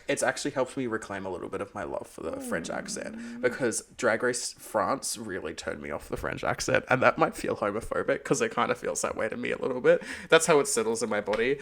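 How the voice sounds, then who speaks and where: A man's voice: on the low side, expressive, fairly quick, gravelly, few pauses, a bit bright. A young man, co-hosting a podcast and telling a gossipy story full of camp slang. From Australia. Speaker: podcast co-host. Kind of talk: casual chat.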